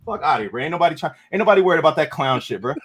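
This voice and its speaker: A man hosting a live stream, ranting loudly and profanely in casual talk, with sudden shouts. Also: a little high, animated, very fast, a little hiss or hum. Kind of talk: heated casual rant.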